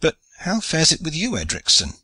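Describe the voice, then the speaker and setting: A man's voice: on the high side, huge pitch swings, moderate pace, sharp tone, husky, no room sound, voice pushed up, heavily acted. A man voicing a gallant, pious old knight commanding his men, in courtly old-fashioned speech.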